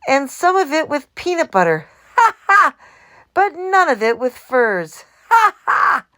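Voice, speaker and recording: A woman voicing an easygoing male truck driver who breaks into high bursts of laughter. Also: fast talker, a little mellow, lightly acted. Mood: laughing.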